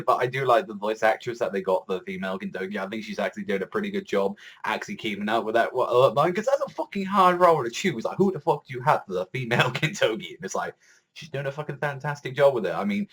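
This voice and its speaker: A man casually reviewing an anime episode, swearing constantly and laughing a lot. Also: on the low side. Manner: profane, excitable, laughs often.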